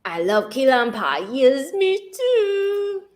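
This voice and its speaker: Lively Vietnamese-accented woman host. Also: high-pitched, slow. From Central Vietnam. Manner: bubbly, laughs often, reads donation questions. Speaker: livestream host. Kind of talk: casual livestream chat.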